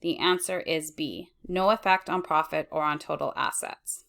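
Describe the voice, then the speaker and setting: A woman teaching accounting, reading lecture slides in a measured way and correcting herself as she goes. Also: deep voice, vocal fry, fairly bright tone. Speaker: accounting instructor.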